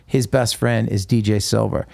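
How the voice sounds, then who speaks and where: Man, gravelly, dry close sound, halting restarts, interview guest. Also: fairly low pitch, steady tone, warm tone, no echo. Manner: halting, with frequent restarts and trailing phrases. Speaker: guest, band musician. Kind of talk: emotional personal storytelling in an interview.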